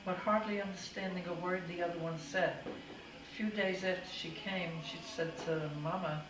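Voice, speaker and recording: A woman's voice: lowish voice, fairly even intonation, moderate pace, background noise. Older woman, oral history reminiscence, anecdotal, roomy echo, far from the mic. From United States. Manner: warm anecdotal storytelling with acted quotes. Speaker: storyteller. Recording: echoey room, far from the mic, music behind.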